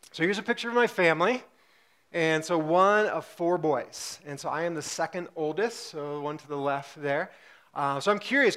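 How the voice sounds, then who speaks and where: A man's voice: a little high, fairly bright tone. A pastor in his forties, from Singapore, gives a casual, humorous sermon, talking chattily with frequent fillers.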